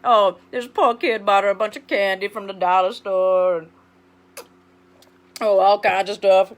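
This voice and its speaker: A woman's voice: mid-range voice, fairly even intonation, unhurried, lightly acted. A woman playing a brassy, blunt former schoolteacher in an improvised comedy monologue, sassy and rambling. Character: brassy blunt middle-aged female ex-schoolteacher. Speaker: comedic livestream host character.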